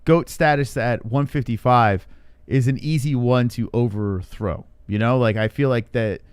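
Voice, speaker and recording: A man's voice: medium pitch, measured pace, smooth, no echo. A man hosting a casual livestream podcast, joking and teasing with banter. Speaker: podcast host.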